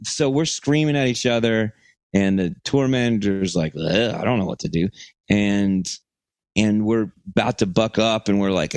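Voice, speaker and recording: A man co-hosting a podcast, telling a long profane story in a rambling, animated way, acting out the quotes. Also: lowish voice, no echo. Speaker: podcast co-host. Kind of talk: casual storytelling chat.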